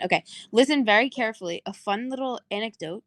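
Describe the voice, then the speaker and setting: A woman's voice: fairly high pitch, fast talker, no room sound, clean studio sound. A woman chatting casually on a livestream, groggy, rambling and giggly, swearing freely between songs. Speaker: singer on a livestream.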